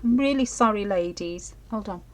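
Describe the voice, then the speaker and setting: A woman's voice: mid-range voice, moderate pace, poor audio. A middle-aged woman giving a live craft demonstration, chatty and apologetic, often checking that viewers can see.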